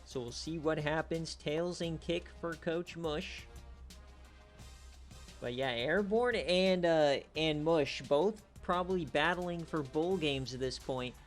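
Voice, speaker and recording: A man hosts a league stream, delivering casual, joking play-by-play recaps that veer from low muttering to excited shouting. He speaks slowly, with faint music in the background.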